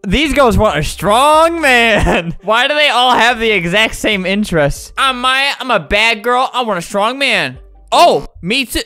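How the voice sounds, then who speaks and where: A gaming video creator giving comedic commentary in an excitable, teasing way, laughing often, at a desk microphone. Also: mid-range voice, unhurried, no room sound, faint music behind.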